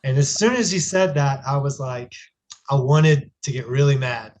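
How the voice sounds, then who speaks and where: A man's voice: medium pitch, normal speed, darkish tone. Earnest man telling a family story. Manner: earnest, reflective, frequent restarts. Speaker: podcast guest. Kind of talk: casual conversational storytelling.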